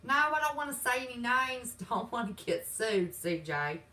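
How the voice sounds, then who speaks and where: Sassy Southern woman hosting a home livestream, folksy and defiant, pitch swings a lot. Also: sing-song, moderate pace, sharp tone, distant mic, rough recording. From West Virginia. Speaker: channel host. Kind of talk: livestream chat reading comments. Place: home, indoors.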